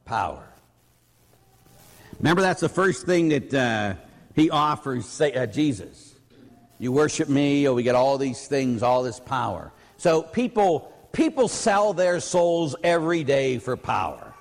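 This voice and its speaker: A man's voice: medium pitch, expressive, measured pace. A man from Pittsburgh, a priest, preaching a conversational sermon full of plainspoken stories. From Pittsburgh, USA. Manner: storytelling, anecdotal and plainspoken. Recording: long hall reverb.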